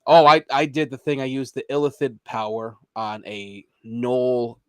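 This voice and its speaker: Podcast co-host, male, mid-pitched, dry close sound; casual, laughs a lot, restarts his sentences. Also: flat delivery, a little slow, fairly bright tone, clear, resonant tone, no echo. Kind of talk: casual chat about video games.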